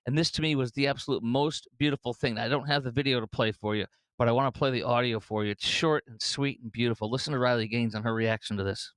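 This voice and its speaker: A middle-aged man runs his own commentary show in an effusive, emotional flow, stumbling over restarts as he goes. His voice is smooth and resonant at a middle pitch, and the sound is dry and close. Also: fairly even intonation, fast talker, few pauses, a bit bright, no echo. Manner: effusive, emotional, breaks into laughter; restarts and repeats words. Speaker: podcast host. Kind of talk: political commentary monologue.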